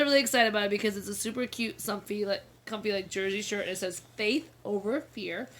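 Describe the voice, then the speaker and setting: A woman's voice: mid-range voice, a bit bright, a little hiss or hum. A woman in her thirties co-hosting a casual chat show, telling stories in a chatty way and laughing often. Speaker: podcast co-host.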